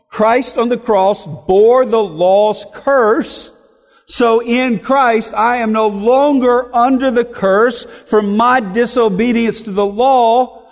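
A man with a high voice preaches slowly and deliberately, reading scripture aloud and unpacking it line by line. His voice rings with the long reverb of a church hall. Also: darkish tone. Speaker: pastor. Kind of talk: sermon.

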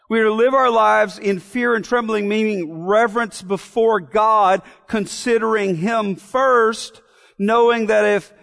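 A man's voice: sits high, creaky, fairly bright tone, long reverb tail. A man preaching an expository sermon in an earnest way, repeating key phrases and asking rhetorical questions. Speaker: pastor.

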